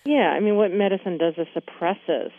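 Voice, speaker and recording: A woman's voice: mid-range voice, moderate pace, no room sound. Easygoing woman on a dull lo-fi recording. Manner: easygoing, agreeable, uses lots of fillers. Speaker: podcast co-host. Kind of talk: casual conversation.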